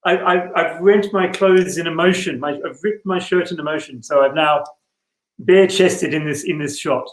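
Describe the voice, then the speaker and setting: A man's voice: fairly high pitch, moderate pace, reverberant, poor audio. A man playing a tabletop role-playing game over a video call, often correcting himself and apologizing with a laugh. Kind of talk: casual role-play chat.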